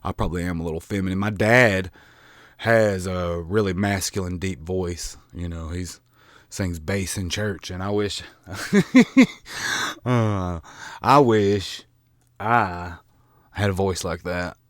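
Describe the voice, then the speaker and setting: A Southern-accented man with a lowish voice talks to camera, rambling through his thoughts with restarts and self-deprecating asides. His delivery is loose and colloquial, with the odd mild curse. The sound is dry and close. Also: slow, no room sound. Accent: Southern American. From American South. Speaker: vlogger. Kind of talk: rambling casual monologue.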